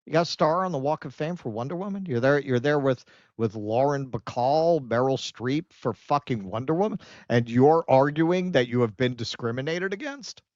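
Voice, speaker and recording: A man hosting a political commentary podcast, sarcastic, with animated, swearing rants. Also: mid-range voice, normal speed, no room sound. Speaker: podcast host. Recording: dull lo-fi dry sound.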